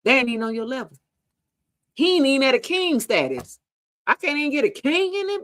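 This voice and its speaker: A woman's voice: high voice, wildly swooping pitch, fairly quick. Laughing, profane woman reading tarot. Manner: casual, profane, laughing often, talks to viewers as y'all. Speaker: tarot reader.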